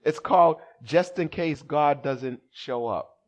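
A male pastor preaching a sermon during a church service, animated and humorous, bantering with the congregation and shouting for emphasis. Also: fairly high pitch, takes it slowly.

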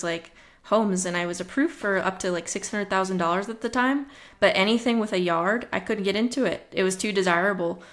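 Chatty woman guest, lowish voice. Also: a bit bright. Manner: chatty, frequent fillers and restarts. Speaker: podcast guest. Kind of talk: conversational interview storytelling.

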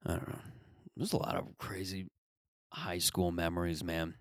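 A man's voice: low-pitched, flat delivery, normal speed, no room sound, clean studio sound. A man in his thirties hosting a podcast, telling stories in a rambling, profane, comedic monologue. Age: 30s. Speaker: podcast host.

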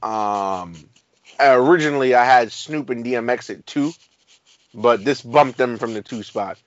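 A man in a casual chat, talking in an animated way, with laid-back slang and lots of fillers. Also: medium pitch, a little slow, no echo. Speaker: podcast co-host. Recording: dry, slightly dull recording.

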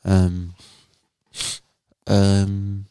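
A man co-hosts a podcast, animated and joking in a slangy, casual chat. His voice is low and gravelly, and it sits dry and close on the mic. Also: very slow, dry recording. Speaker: podcast co-host.

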